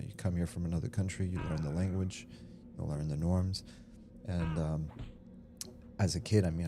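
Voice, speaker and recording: A man's voice: deep voice, noisy background. A man streaming a game, rambling casually, reading chat aloud and laughing easily. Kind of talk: casual livestream chat while gaming. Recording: game music playing behind. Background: game music.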